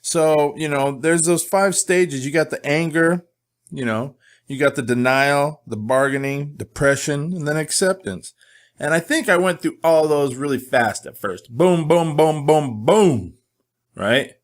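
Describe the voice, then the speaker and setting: A man's voice: fairly high pitch, measured pace. Candid middle-aged man telling a story. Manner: candid, joking, animated storytelling. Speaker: host. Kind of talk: casual monologue.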